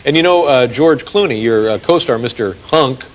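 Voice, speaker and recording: A man's voice: mid-range voice, animated, moderate pace, background noise. A man hosting a talk show, playful and stumbling over his words. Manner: stammering, playful.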